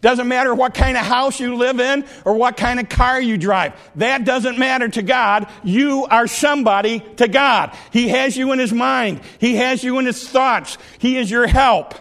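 Man, preacher, very high voice, emphatic repetition, shouted peaks. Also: normal speed, few pauses. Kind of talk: sermon.

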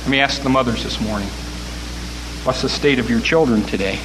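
A man preaching a sermon, building from calm talk to loud, pressing appeals. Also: mid-range voice, fairly quick, background noise.

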